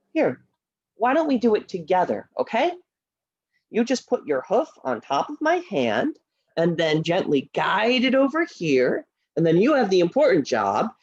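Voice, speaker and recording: A woman voicing an upbeat, patient puppet friend who works as a teacher, speaking in a cheerful, encouraging and brisk manner. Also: fairly high pitch, a little mellow, husky, dull audio, exaggerated voice. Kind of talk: puppet play acting. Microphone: laptop video call.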